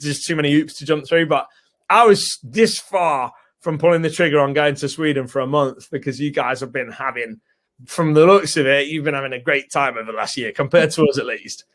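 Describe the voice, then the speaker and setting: A man's voice: fairly high pitch, fairly bright tone. A British man co-hosting a live webinar, chatty and rambling as he greets viewers by name. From United Kingdom. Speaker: co-host and co-founder.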